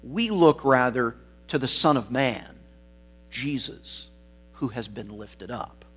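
Male preacher, slow unhurried delivery, mid-pitched, emphatic, soft music underneath. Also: lively intonation, husky. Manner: deliberate, stressing single words; emphatic, drops to quiet phrase endings. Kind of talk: sermon.

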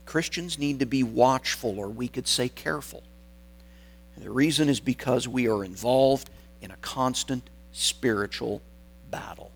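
A man delivering a sermon at an unhurried, measured pace. He leans on key words and lets dramatic pauses hang between phrases, at an ordinary middle pitch. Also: gravelly, low-quality recording. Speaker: preacher.

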